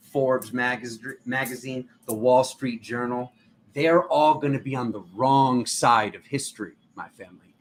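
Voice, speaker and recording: A man's voice: on the high side, fairly bright tone, a little hiss or hum. A man hosting a live tarot stream, speaking in a fervent, preachy and riled-up way, calling his viewers family. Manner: riled up, urgent. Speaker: tarot reader and channel host.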